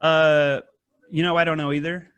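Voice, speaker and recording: Swearing podcast host, dry close voice. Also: male voice, on the high side, normal speed, smooth, no room sound, muffled recording. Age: adult with wife and kid. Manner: rambling, swears a lot, animated retellings. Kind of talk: casual profane chat.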